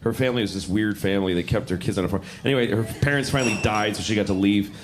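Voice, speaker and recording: A man's voice: fairly low pitch, very fast, music in the background. A middle-aged man doing wry, self-deprecating stand-up storytelling on a comedy stage.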